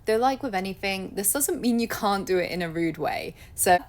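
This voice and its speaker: A woman's voice: mid-range voice, lively intonation, moderate pace. A woman, from England, teaching a beginners' language lesson in a chatty, upbeat way. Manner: chatty and upbeat, laughs at her own slips. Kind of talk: casual online lesson.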